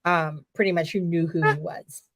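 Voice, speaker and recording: A woman hosting a casual podcast, excitedly retelling a story and swearing freely. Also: on the low side, moderate pace, a little hiss or hum. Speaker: podcast host.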